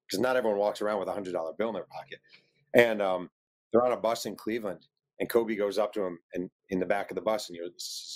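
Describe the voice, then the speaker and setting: A man's voice: fairly low pitch, fairly even intonation, fast talker. A man, an author guest, telling a story in an interview and acting out the quotes.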